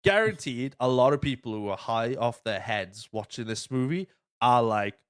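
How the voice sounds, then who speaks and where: Recorded dry at studio quality, a male podcast host talks at normal speed in a clear, resonant, medium-pitched voice. His casual chat is full of stories, heavy cursing, and quotes he acts out.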